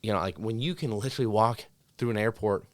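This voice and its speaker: A man's voice: on the low side, fast, dry recording. A man co-hosting a podcast, chatting casually and telling stories with lots of fillers like "like" and "you know". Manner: conversational, storytelling with many fillers. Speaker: podcast co-host, dog trainer. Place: studio.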